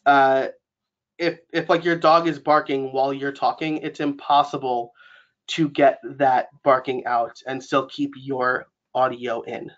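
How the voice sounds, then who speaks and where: A man's voice: a little high, fairly bright tone. A man from New York with a New York accent, presenting a casual webinar and talking it through with lots of fillers. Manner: chatty, many fillers like um and like. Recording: dull lo-fi webinar audio.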